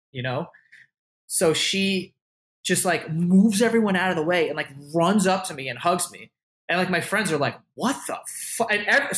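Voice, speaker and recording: Speaking in a slightly bright, higher-pitched voice, this male podcast guest spins stories in a loose, meandering way. It's casual interview storytelling, full of frequent swearing, lots of "likes," and constant restarts.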